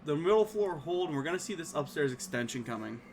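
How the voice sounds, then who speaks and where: A man casting a live esports match with rapid play-by-play and bursts of excitement on big plays. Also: on the high side, noisy background. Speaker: esports caster.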